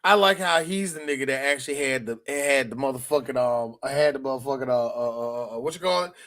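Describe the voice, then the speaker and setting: A man co-hosting a live podcast, an animated, profane storyteller who acts out scenes as he goes. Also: medium pitch, brisk. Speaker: podcast co-host. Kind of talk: live podcast chat about a film.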